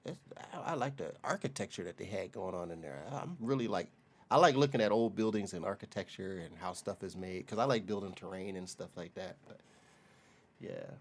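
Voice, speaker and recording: An American man hosting a reaction video, chatting in a relaxed, slangy way and laughing often. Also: sits low, fairly quick. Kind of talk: casual reaction commentary.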